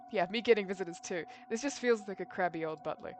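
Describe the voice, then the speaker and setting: A woman's voice: medium pitch, soft background music. Chatty woman streaming a story game. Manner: chatty, quick asides with fillers. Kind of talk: casual commentary while reading a story game.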